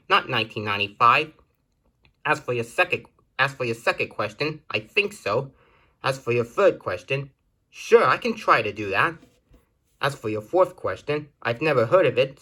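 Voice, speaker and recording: A man's voice: mid-range voice, sharp tone. A man with a medium voice reads out his viewers' questions one by one and answers each in turn. His delivery is plain and earnest. He often stops mid-sentence to correct a word.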